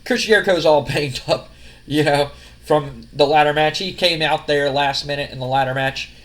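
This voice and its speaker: A man's voice: on the high side, moderate pace, fairly bright tone. Rambling man narrating a game. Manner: rambling, full of fillers and restarts. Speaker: gaming channel host. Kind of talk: casual let's-play commentary.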